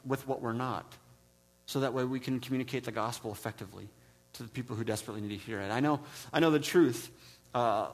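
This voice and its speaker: Guy preaching a sermon, midwest-raised, jokey stories, lots of i-i-i restarts. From American Midwest. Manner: storytelling, self-deprecating humor, many restarts; mimics others with high put-on voices. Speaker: pastor.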